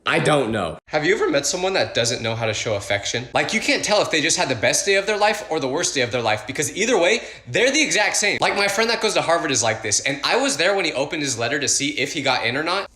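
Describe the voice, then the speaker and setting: Fast, animated young man telling stories. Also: on the high side. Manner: animated, exaggerated outbursts and voiced quotes. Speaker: storytelling creator. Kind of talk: comedic storytelling.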